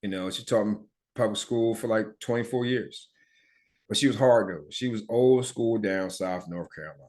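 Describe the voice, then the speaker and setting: A Philadelphia man hosting a podcast tells his own story in a blunt, chatty way, swearing and now and then stuttering or mumbling a word. His voice is fairly low and darkish, and he speaks at a moderate pace.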